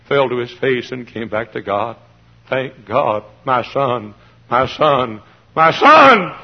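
A man preaching a fiery sermon in a church, swinging from hushed pleading to shouting. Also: medium pitch. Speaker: pastor. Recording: dull lo-fi old sermon recording.

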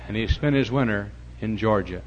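A male pastor preaching a sermon, telling folksy stories and rising to loud preaching. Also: lowish voice, moderate pace, dull audio, slight background noise.

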